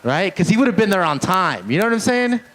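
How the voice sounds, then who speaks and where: A man's voice: sits high, very animated, quick pace, a bit bright, poor audio. A man doing a live stand-up set in a small club, rambling and self-deprecating, swearing often and chatting with the crowd. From Mexican-American family. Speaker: stand-up comedian. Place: small comedy club stage.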